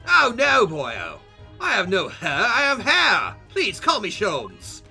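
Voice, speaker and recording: A man's voice: high voice, huge pitch swings, slow, creaky, bright, forceful tone, faint music behind, exaggerated voice. A man putting on a grandiose British detective. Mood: pompous. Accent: put-on British. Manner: grandiose, theatrical. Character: pompous eccentric male British detective.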